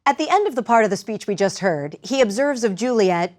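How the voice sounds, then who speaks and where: A woman instructor explaining the rhythm of verse and directing actors, in a clear, patient teaching voice. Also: mid-range voice, expressive, fairly quick, darkish tone. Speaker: theater instructor. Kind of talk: lecture with live demonstration.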